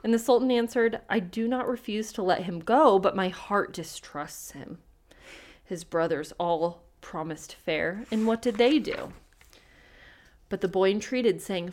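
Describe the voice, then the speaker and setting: A woman's voice: mid-range voice, a little slow, a little mellow. A woman co-hosting a podcast, reading a folktale aloud and breaking off to joke and swear. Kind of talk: casual chat and storybook reading.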